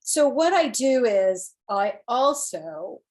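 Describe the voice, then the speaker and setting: A woman hosting a live self-help show, talking casually as an inner-work coach in an earnest, animated way, laughing often and acting out her inner voices. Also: on the high side, takes it slowly.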